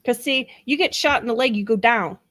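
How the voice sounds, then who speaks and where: A middle-aged woman giving casual true-crime commentary, animated and sarcastic, acting out what others said. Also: fairly high pitch, a little fast, rough recording. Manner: animated, sarcastic, acts out quotes.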